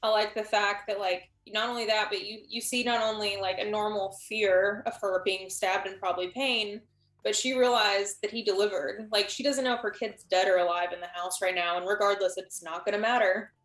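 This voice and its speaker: A woman's voice: mid-range voice, steady tone, moderate pace, fairly bright tone. Rambling woman in an echoey room. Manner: rambling, thinks aloud with many restarts. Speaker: guest. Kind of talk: casual chat on a live stream.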